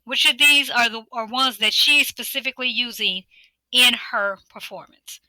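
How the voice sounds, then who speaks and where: A woman teacher talks through a lesson slide in a very bright, slightly high voice. She poses one question after another in an even, instructive rhythm. The sound is close and dry, with no room around it. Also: normal speed, no echo, poor audio.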